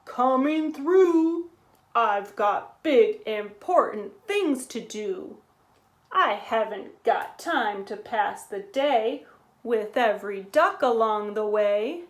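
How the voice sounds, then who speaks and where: A woman's voice: a little high, animated, slow pace, echoey room. Woman putting on a big boastful dump truck. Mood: blustery. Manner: loud and self-important.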